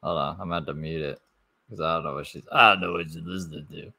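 A man hosting a live stream, talking in a rambling, offhand, low-key way as he comments on clips. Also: fairly even intonation, fast talker, pushed and bright. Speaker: livestream host.

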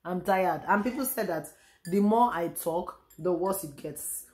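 A hoarse Nigerian woman talks to her vlog camera in a low, worn voice. She rambles casually, repeating phrases and sighing between thoughts. Her strained voice sounds close to gone. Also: unhurried, a little mellow. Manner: chatty, repeats herself, sighs and trails off. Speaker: vlogger. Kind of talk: casual home vlog chat. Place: room at home.

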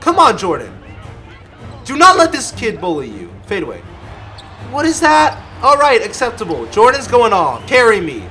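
A young man calls his own basketball video game as he plays, his high voice leaping between shouts at his team and low grumbles. The tone is bright and sharp, and game music plays softly behind him. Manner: excitable, yelling at his players, quick swings to muttering. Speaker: gaming video creator. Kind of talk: live gameplay commentary.

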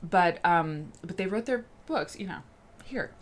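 Casting note: woman host, lowish pitch, rambling and chatty on a casual live stream. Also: animated, unhurried. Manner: chatty, rambling, greets viewers by name. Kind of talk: casual livestream chat.

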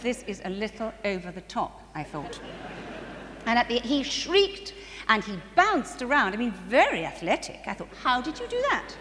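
A woman preaches in an echoey hall with a fairly high voice, telling testimony stories sermon-style as a church conference speaker. She's animated, laughs often, and rises into excited bursts; the recording is distant and reverberant, with faint ambient noise.

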